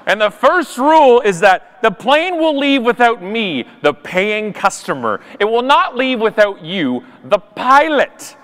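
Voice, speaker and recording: A man giving a comedic storytelling talk on a live event stage, animated and self-mocking with punchy timing. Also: high voice, a little slow, few pauses, in a large hall. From Canada. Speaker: conference speaker.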